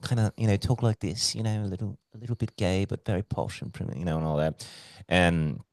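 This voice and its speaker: Recorded in studio quality with no echo, this man co-hosts a casual podcast in Hawaii and speaks at a quick pace. He tells stories animatedly, cursing often and putting on a high voice to act out quotes.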